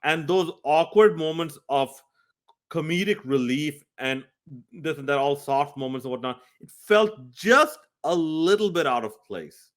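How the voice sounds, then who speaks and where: A man's voice: fairly high pitch, lively intonation, measured pace. A man reviewing a video game, speaking earnestly and emphatically straight to his viewers. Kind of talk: scripted review talk.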